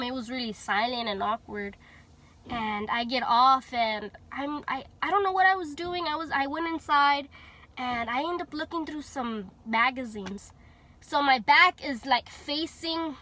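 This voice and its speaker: This Houston vlogger has a high voice that sounds pushed and bright. She's a young Texan woman chatting casually through a personal story, using lots of fillers and acting out what people said.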